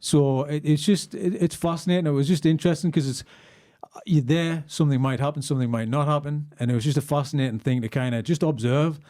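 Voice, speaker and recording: Animated man with a mellow voice. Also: a little high, fast. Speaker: podcast host. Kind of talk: casual chat.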